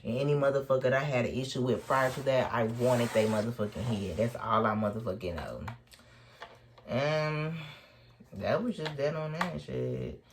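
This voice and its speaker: Young male vlogger, casual storytime, expressive swings in pitch, heavy cursing, faint hiss. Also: normal speed. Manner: animated, swears constantly, laughs while talking. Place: indoors at home, sipping a drink.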